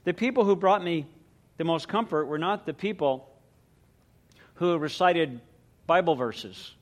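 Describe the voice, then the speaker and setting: A middle-aged man, a pastor, preaching a sermon and praying in an earnest, measured way. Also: on the high side. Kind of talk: sermon with prayer.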